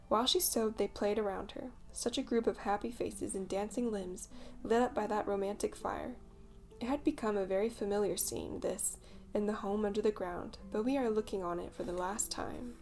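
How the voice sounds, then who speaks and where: A woman reading a children's audiobook as narrator, in lively storytelling. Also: medium pitch, normal speed. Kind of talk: scripted narration.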